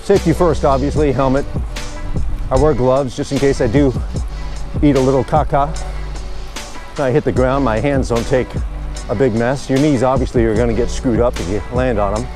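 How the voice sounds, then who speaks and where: A man's voice: mid-range voice, fairly even intonation, normal speed, long pauses, over music. A man chatting casually and rambling good-humoredly while riding his bike outdoors. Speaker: vlogger. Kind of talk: casual narration while cycling.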